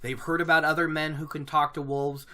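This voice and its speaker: A podcaster voicing a gruff older male woodsman who runs with wolves, speaking low and quiet. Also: little pitch movement, a little fast, close to an everyday voice. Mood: dismissive.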